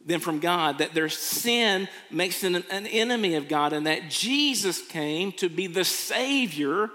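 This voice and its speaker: A man preaches in an earnest, storytelling way, now and then acting out how people react. His voice sits a little high and sounds bright and forceful. A long reverb trails each phrase, like a big church hall. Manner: earnest, acts out quoted reactions. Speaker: pastor. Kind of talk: sermon.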